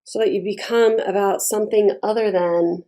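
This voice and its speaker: A woman's voice: mid-range voice, fairly even intonation, normal speed, dark tone. Blunt, chatty woman reading tarot. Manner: blunt, chatty, swears freely. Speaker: tarot reader.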